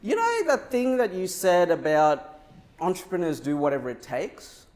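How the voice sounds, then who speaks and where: Man playing a teenage boy hustler, upbeat, slangy, casual, fairly high voice. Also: very animated, normal speed, darkish tone. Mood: breezy. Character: eager teenage boy entrepreneur, cheeky and upbeat.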